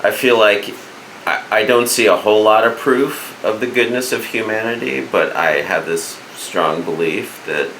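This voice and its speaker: A man with a very low voice co-hosts a podcast in casual chat, halting and restarting as he searches for words. His voice rings in a roomy space with a faint hiss behind it. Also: fairly bright tone. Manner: hesitant, halting, many restarts. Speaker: podcast co-host.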